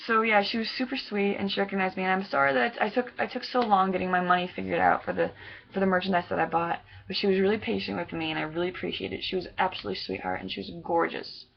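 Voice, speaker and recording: A young woman vlogging in a casual, excited, rambling way, gushing as she recounts meeting people. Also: medium pitch, fast talker, creaky, lo-fi sound. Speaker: fan vlogger. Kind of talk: casual chat recounting a concert meet-up.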